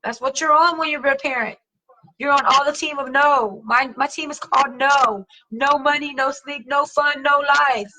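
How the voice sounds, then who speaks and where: A middle-aged woman hosting a casual chat, reading viewer comments, slangy and animated, swearing casually and laughing often. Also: sits high, moderate pace, rough recording. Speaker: host.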